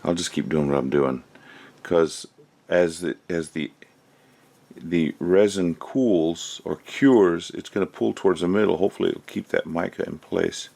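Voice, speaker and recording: A man with a low, gravelly, warm voice speaks unhurriedly while crafting with resin at home. His commentary is casual and chatty, rambling as he thinks aloud through the work.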